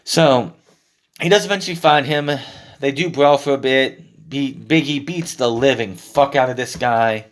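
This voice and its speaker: A man's voice: mid-range voice, moderate pace. A young man giving a blunt, profane recap and opinion of a wrestling show.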